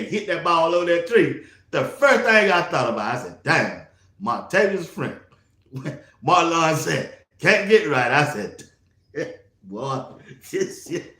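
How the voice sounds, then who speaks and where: A man hosting a casual sports talk show, animated and slangy, laughing often as he talks. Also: a little high, echoey room.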